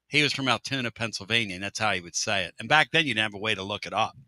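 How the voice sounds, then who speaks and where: Man, middle-aged, sports radio host, joking, bright tone, dry studio sound. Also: on the low side, lively intonation, dry recording. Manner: joking, loud outbursts, drawn-out catchphrases. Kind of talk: casual sports talk radio.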